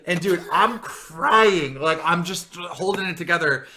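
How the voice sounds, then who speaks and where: A brash man with a fairly high, bright voice hosts a casual online chat. He boasts through his story and keeps checking in with "right?" and "okay?". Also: a little slow, a little hiss or hum. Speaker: host.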